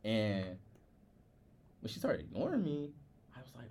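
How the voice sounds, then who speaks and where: A young man, a podcast co-host, telling a personal story in a candid, halting way with many filler words. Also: low-pitched, very animated, darkish tone, slight background noise.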